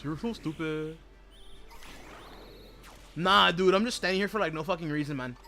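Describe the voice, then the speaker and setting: A man's voice: high voice, fast, gravelly, bright, forceful tone, faint music behind. A young man chatting casually while gaming, telling a rambling, profane story full of slangy asides. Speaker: gaming streamer.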